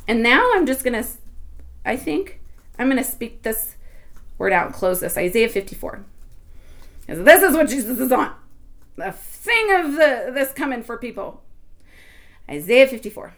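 A woman giving an informal devotional talk, rambling with many restarts and swinging between hushed and excited tones. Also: high-pitched, normal speed. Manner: rambling, emotional, with frequent restarts. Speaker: Christian teacher.

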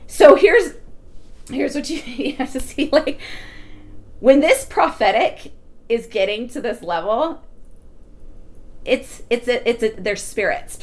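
A woman with a high voice leads an animated Bible teaching. She is excitable, breaks into laughter and often restarts her sentences mid-thought. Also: slow pace, pauses often. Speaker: preacher.

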